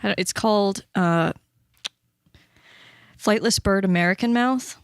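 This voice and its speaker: A woman's voice: medium pitch, a little slow, clean tone, no echo, studio quality. A woman chatting casually on a podcast, in a sheepish, playful way. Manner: sheepish, playful, a bit embarrassed. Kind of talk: casual chat.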